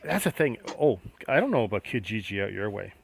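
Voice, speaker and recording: A low-voiced man with a gravelly edge chats through a livestream build. He muses aloud, reacting to each step. A faint noise sits under the recording. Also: very animated, brisk. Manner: chatty, musing aloud while building. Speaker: livestream host building a model kit. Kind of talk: casual livestream chat.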